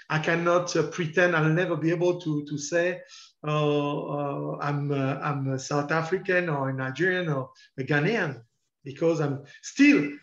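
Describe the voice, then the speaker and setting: A French-accented man in his fifties with a slightly high voice gives an earnest, encouraging talk. He repeats his key words to press a point home. The sound is roomy and dull, like muffled online call audio. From France. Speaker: guest journalist.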